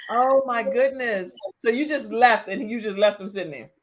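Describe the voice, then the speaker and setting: A woman talk show host from the Bay Area chats with her guests. Her manner is casual, colloquial and lively, with frequent laughter. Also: on the high side, normal speed.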